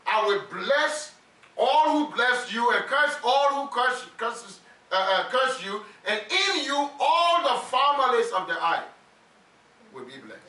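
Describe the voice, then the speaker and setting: A man's voice: very high-pitched, sing-song, slow, pushed and bright. A man preaching a sermon, emphatic and leading the congregation to repeat phrases after him. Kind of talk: sermon with call-and-response. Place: church sanctuary with congregation. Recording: roomy church hall, mic at a distance.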